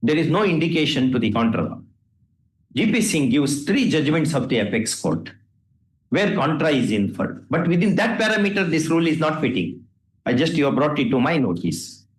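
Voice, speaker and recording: Lecturing Indian judge in an echoey courtroom. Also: male voice, on the high side, big pitch swings, moderate pace. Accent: Indian English. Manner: scolding, lecturing, rhetorical questions. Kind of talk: courtroom remarks from the bench. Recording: roomy courtroom sound.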